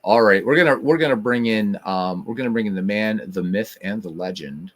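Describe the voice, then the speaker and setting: A man hosts a podcast in loose, casual conversation. He rambles and wanders off on tangents. His voice sits fairly low for a man. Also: brisk. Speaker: podcast host. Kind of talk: casual chat.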